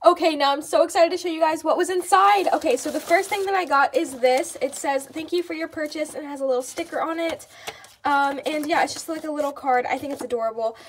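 A woman vlogging as she unboxes fan mail, gushing and gasping with excitement. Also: high voice, quick pace, slight background noise. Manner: gushing, gasping, repeats "oh my gosh".

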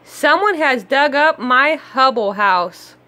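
A woman reading aloud and voicing a tiny gray male mouse in a squeaky, high voice. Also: animated, slow, sharp tone, heavily acted.

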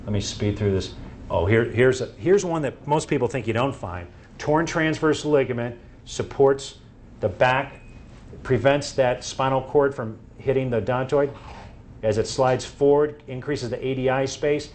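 A man presents cases to a live audience, telling them as anecdotes and voicing his back-and-forth with patients and doctors. He keeps a measured pace, medium in pitch and darkish in tone, with a little hiss or hum.

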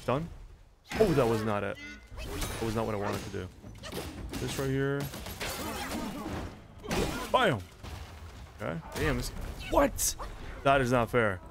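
A young man casually commentating a game as he plays, excitable and swearing, with shouted reactions. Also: medium pitch, slow pace, creaky, long pauses. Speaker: gaming streamer. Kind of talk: let's play commentary. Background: game music.

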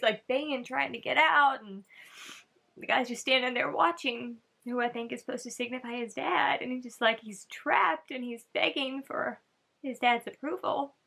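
A woman's voice: fairly high pitch, creaky, pushed and bright, breathy edge. A woman hosting a casual reaction video, chatting and thinking aloud, often restarting and trailing off.

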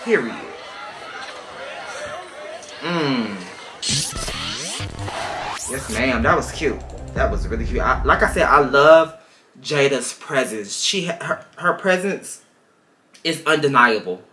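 A man's voice: mid-range voice, animated, slow pace, long pauses. A man gives sassy, emphatic reaction commentary while reviewing a dance team's performance. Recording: voice over loud band music.

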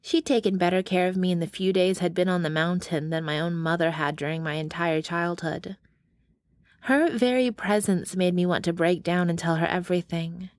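Low-voiced woman narrating an audiobook. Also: normal speed, dry recording, studio quality. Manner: steady storytelling with dialogue voices. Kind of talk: first-person romance audiobook narration.

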